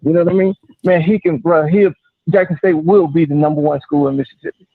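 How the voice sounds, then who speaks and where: A man calls in and makes his point with emphasis. He has a high voice, and it comes through a thin, phone-like line. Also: fairly even intonation, fast, creaky, no room sound. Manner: emphatic, repeats "you know what I mean". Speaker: caller. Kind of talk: casual call-in chat.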